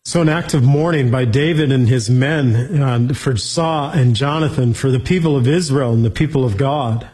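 Bible teacher, male, slightly husky voice, reads the verses and then explains them simply. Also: medium pitch, normal speed, few pauses, darkish tone, low-quality recording. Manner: reads scripture aloud, then explains it plainly.

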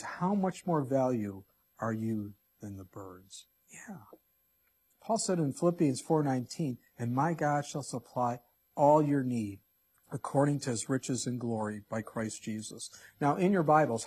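A man's voice: fairly high pitch, a little mellow, breathy edge. A man preaching a sermon, reading scripture with drama and asking the congregation questions. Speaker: pastor.

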